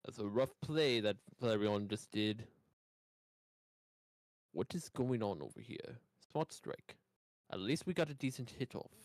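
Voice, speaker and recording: A man's voice: lowish voice, lively intonation, measured pace, long pauses, no echo, clean studio sound. A man streaming a game with friends, making playful jokes in casual gameplay chat. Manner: joking, playful banter.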